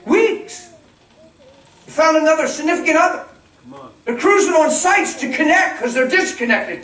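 A man's voice: very high-pitched, animated, unhurried, pauses often, pushed and bright, some chatter behind. A middle-aged man preaching a sermon as pastor, emphatic and humorous, acting out little scenes for his congregation. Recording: echoey hall from far off with congregation noise.

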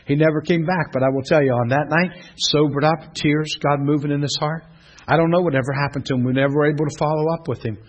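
A middle-aged man, a pastor teaching a class in a church room, telling stories in an animated way and often laughing. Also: on the high side, fast talker. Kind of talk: preaching to a class. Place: church classroom, streamed online.

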